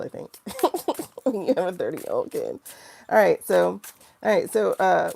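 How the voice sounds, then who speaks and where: A woman's voice: fairly low pitch, gravelly, darkish tone. A woman in her forties hosting a livestream, chatting loosely and emotionally while reading tarot cards and answering viewer comments. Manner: chatty, rambling and emotional, reacting to chat comments. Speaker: tarot reader and livestream host.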